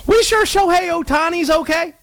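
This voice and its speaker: A man's voice: moderate pace, a bit bright. A man chatting playfully on a sports radio show, keeping up a running bit as a conspiracy-minded character. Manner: playful, putting on a bit character, jumps between high and low voice. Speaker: sports talk show regular. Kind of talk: casual sports radio chat.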